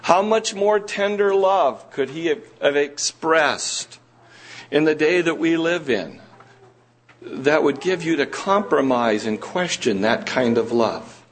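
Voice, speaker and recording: A man preaching a sermon to a congregation in a church room, earnest and slow, pressing his listeners with rising questions. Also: on the high side, lively intonation.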